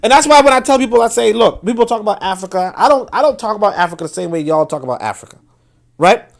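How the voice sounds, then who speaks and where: A man's voice: high-pitched, animated, fast, vocal fry. A man with a Brooklyn accent hosting a livestream, making emphatic points and repeating words as he builds an argument. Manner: reads viewer comments aloud. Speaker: livestream host. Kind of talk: casual livestream commentary.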